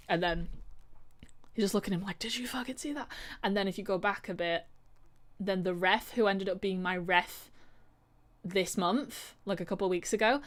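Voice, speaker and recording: A woman vlogger talking casually about her fights, rambling with lots of fillers and restarts. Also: mid-range voice. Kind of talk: casual chat.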